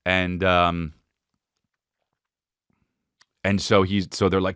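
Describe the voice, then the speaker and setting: A man's voice: low-pitched, little pitch movement, measured pace, fairly bright tone, clear, resonant tone, no echo, clean studio sound. A man hosting his own podcast, telling rambling, profane comic stories and imitating voices and sounds along the way. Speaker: podcast host. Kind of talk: casual comedic monologue.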